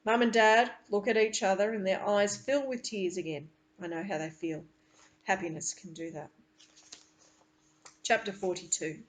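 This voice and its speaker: A woman's voice: medium pitch, fairly even intonation. Earnest woman reading aloud. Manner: earnest, pauses to explain with halting restarts. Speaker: teacher reading a novel aloud.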